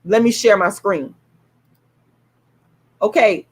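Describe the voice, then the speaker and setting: A woman's voice: mid-range voice, slow, breathy edge. A woman ranting on a livestream, heated and indignant, swearing and repeating herself as she promotes her own show. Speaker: YouTube live streamer promoting her own play. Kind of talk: angry livestream rant, then ticket promotion.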